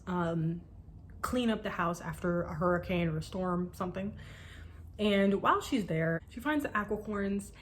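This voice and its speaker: Young woman book vlogger, mid pitch, gushing, faint hiss behind. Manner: gushing, animated, swears casually. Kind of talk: casual chat.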